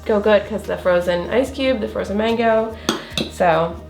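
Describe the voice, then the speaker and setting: A woman's voice: mid-range voice, a little slow, creaky, roomy sound, over music. A woman with a slight Southern accent chatting casually through a recipe demo, full of fillers and little laughs. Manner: chatty, filler-heavy, giggly. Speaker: recipe vlogger.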